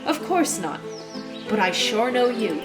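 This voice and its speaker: Woman doing a scornful old witch lady, brash and loud, kinda high voice, music going under it. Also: big pitch swings, measured pace. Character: bitter older wise woman, sharp-tongued witch. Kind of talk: voiced game reading.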